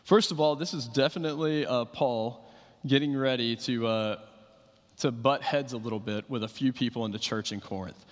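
A pastor in his thirties delivers a sermon in a loose, conversational way, full of fillers and restarts. His voice sits at an ordinary middle pitch, and the sound carries a long hall reverb. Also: moderate pace. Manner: conversational storytelling with fillers and repeated starts.

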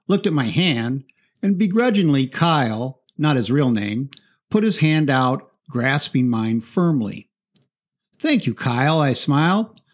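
A man, a martial arts instructor and speaker, telling a first-person story in a calm, confident, measured way. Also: on the high side.

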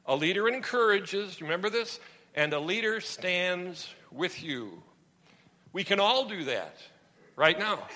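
A male pastor preaching a sermon in an animated storytelling manner. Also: fairly high pitch, long reverb tail.

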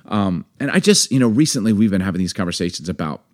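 A man's voice: deep voice, lively intonation, fast talker, darkish tone. A man in his forties co-hosting a podcast, talking candidly and emphatically, building up heat as he argues his point. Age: 40s. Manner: impassioned, emphatic, builds to anger. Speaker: podcast co-host. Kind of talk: candid conversation.

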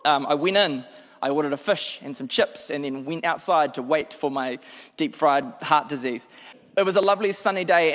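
A man with a New Zealand accent preaching a sermon as a lively, self-deprecating storyteller. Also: on the high side, a little fast. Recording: long hall reverb.

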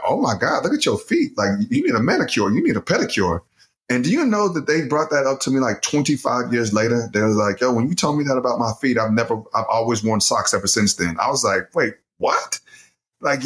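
A middle-aged man hosting a casual conversation, animated and quick to laugh. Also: mid-range voice.

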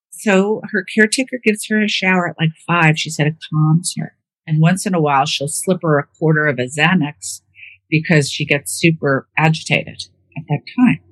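A woman's voice: lowish voice, moderate pace, fairly bright tone, husky, no echo. A woman caring for her mother, talking in a casual, chatty way and acting out the voices in her stories. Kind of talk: casual conversation.

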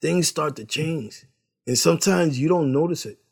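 A man's voice: on the high side, normal speed, vocal fry, a little mellow, breathy edge. A man casually sharing a personal faith testimony, rambling, repeating words and laughing as he tells it.

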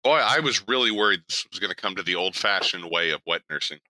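Bright, animated storytelling man. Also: low voice, fast talker, low-quality recording. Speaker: podcast co-host. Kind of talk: casual chat, storytelling.

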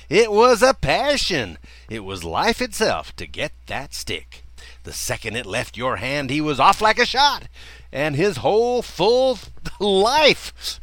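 An older man telling a personal childhood story in a folksy way, chuckling often as he talks. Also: no echo. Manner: folksy, chuckling often, lively swings in pitch.

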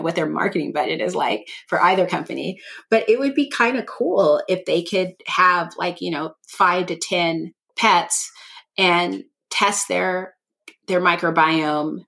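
Woman, podcast co-host, lowish voice, casual rambling chat, thinking aloud. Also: unhurried, vocal fry, a bit bright.

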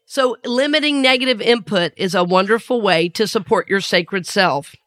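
A woman's voice: medium pitch, normal speed, a bit bright. A woman with a Southern US accent hosting a spiritual podcast, talking earnestly and laughing often. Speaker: podcast host and spiritual teacher.

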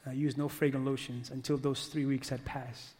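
A man preaching a sermon as pastor, swinging from loud exhortation to hushed, earnest pleading. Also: medium pitch, flat delivery, normal speed, in a large hall. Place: church sanctuary.

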